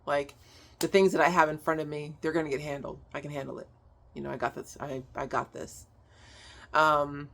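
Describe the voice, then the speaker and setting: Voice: medium pitch, bright, forceful tone. A tapping instructor explaining a technique in a casual, chatty way, with plenty of "um", "like" and "right?" and some blunt, casual swearing.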